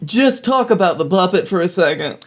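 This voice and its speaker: A man's voice: high voice, expressive, a little fast. A man co-hosting a podcast in casual chat, recapping plots at length. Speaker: podcast co-host.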